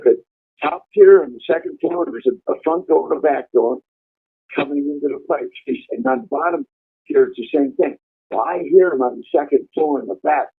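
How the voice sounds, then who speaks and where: Casual storyteller, male, raspy and fairly high-voiced, blunt and profane, phone-quality audio. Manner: vivid, blunt, heavy swearing. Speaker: storyteller recounting prison life. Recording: tinny phone-like line.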